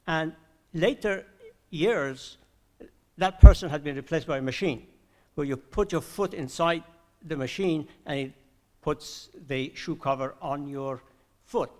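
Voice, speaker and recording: A man's voice: fairly high pitch, a little slow, long pauses. An older man from Iran giving a conference talk, hesitant with many filler sounds and restarts. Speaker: conference discussant.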